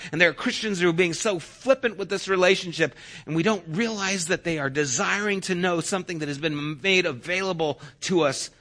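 A man preaching a sermon as a pastor, telling a story and swinging from loud emphasis to hushed near-whispers. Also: a little high, normal speed.

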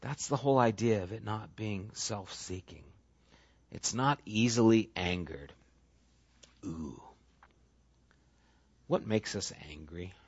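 A man's voice: on the low side, takes it slowly, long pauses, breathy edge, no echo. A man preaching a sermon in an easy, talky way. He slips into little acted-out voices for the people he quotes. The sound is dry and a bit dull, like a lo-fi recording. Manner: conversational, animated, acts out quoted voices. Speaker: pastor.

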